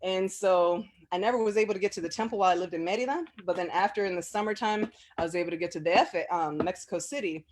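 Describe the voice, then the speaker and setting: A woman's voice: on the low side, quick pace, few pauses. A woman casually sharing personal memories as an interview guest, chatty and full of fillers, often laughing. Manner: animated when quoting people.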